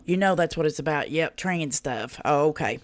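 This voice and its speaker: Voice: mid-range voice, lively intonation, moderate pace. A host chatting on a reaction livestream, greeting viewers by name and swearing in a folksy, drawling way. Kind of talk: casual reaction livestream chat.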